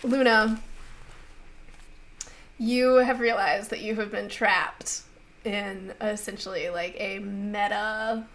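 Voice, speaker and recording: A woman's voice: medium pitch, fairly even intonation, slow pace, pauses often, a bit bright, poor audio. A woman narrating a tabletop game as game master in a playful storytelling way.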